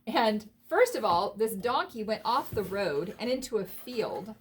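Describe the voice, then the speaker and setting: High-voiced woman telling a Bible story. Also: a little slow. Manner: animated, expressive, talks directly to listeners. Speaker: Bible teacher.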